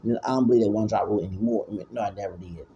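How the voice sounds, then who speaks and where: A man's voice: fairly low pitch, steady tone, racing, mellow, lo-fi sound, slight background noise. A man, talking in rambling casual commentary, often repeating and stammering. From Houston, Texas. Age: 40s. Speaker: vlogger.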